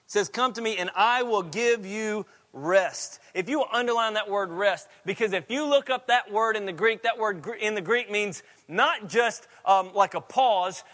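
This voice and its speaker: Man, high voice, preaching a sermon, repetitive cadence, swings from hushed to loud. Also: normal speed, hardly any pauses. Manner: swings from quiet and low to loud and rising. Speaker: pastor.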